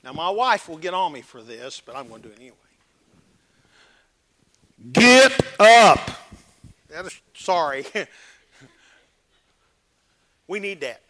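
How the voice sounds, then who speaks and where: A man preaching a sermon, emphatic, swinging between loud exhortation and hushed earnest talk. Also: a little high, expressive, moderate pace, pauses often.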